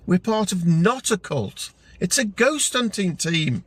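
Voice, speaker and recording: A man's voice: sits high, very animated, takes it slowly, a bit bright, husky, no echo, pitched above the performer's own voice, full character voice. A man voicing an awkward young male ghost hunter with a South Welsh accent, earnest and defensive.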